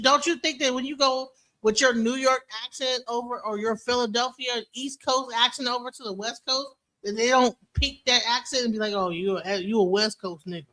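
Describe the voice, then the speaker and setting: A woman from Detroit hosting a streamed talk show, talking bluntly and swearing freely as she tells animated stories. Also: fairly high pitch. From Detroit, USA. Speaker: DJ and stream host.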